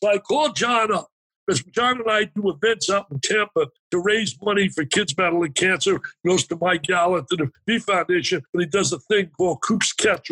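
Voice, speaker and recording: Husky-voiced man telling an emotional story. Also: high-pitched, low-quality recording. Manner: animated, emphatic, restarts and acts out dialogue. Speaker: guest, motivational speaker.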